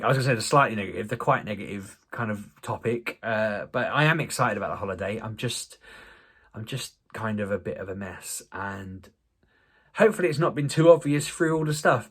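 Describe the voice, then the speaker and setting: This man has a lowish voice with a fairly bright tone. He's a vlogger chatting casually to camera, self-deprecating and rambling, with lots of restarts.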